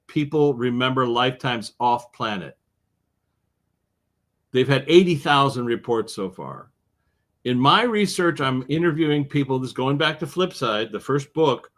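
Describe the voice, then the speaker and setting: A man being interviewed as an author, telling stories in an animated way with wide swings in his voice. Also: medium pitch, measured pace. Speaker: author and guest. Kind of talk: interview conversation.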